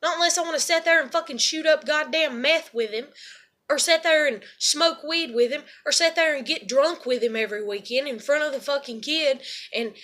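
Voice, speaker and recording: Young woman ranting to camera, cusses a lot, high pitched and kinda sharp. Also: normal speed. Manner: profane, rambling and heated. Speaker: single mother. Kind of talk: personal venting monologue.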